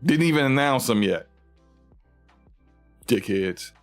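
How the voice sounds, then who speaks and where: A man hosting a casual gaming livestream, ranting in an animated, mocking way and reading out chat comments. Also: medium pitch, takes it slowly, faint music behind. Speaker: livestream host.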